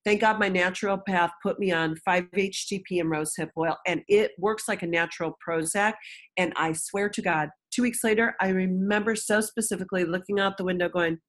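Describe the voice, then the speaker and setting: A woman's voice: fairly low pitch, steady tone, brisk. A woman guest in an interview, frankly telling a personal story and acting out the voices of people she quotes.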